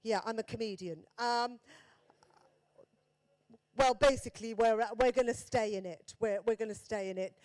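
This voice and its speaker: A woman with a Birmingham accent doing stand-up, chatty and self-deprecating. Her voice sits on the higher side, and she keeps tossing quick asides to the crowd. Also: darkish tone. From England. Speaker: comedian. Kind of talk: stand-up set.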